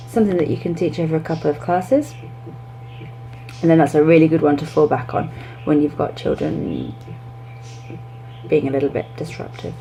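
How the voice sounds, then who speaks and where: A young woman, an English teacher, giving classroom tips in a chatty way, breaking into lively demonstrations. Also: sits low, gravelly, rough recording.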